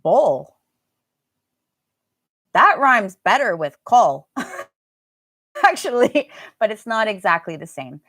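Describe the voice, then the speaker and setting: A woman's voice: mid-range voice, sing-song, takes it slowly, pauses often, a bit bright, no echo, studio quality. A woman with an American accent teaching a live online pronunciation class, chatting and laughing as she answers viewer comments. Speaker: English teacher.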